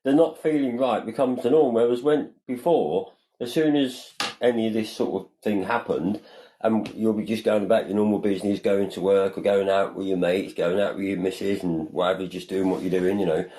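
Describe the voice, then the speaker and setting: A man's voice: lowish voice, fairly quick, warm tone, a little hiss or hum, poor audio. A man co-hosting a podcast, talking in a loose, rambling and earnest way, often saying "you know" and "like". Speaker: podcast co-host. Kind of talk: casual chat.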